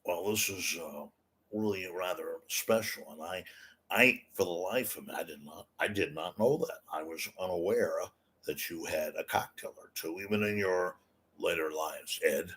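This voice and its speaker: A man putting on the voice of a suave older male late-night TV host, dry and measured. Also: deep voice, fairly bright tone. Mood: wry.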